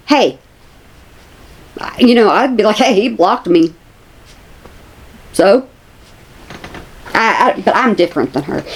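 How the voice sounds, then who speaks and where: A woman, chatting casually to her viewers as a commentary vlogger, repeating herself for emphasis. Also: fairly high pitch.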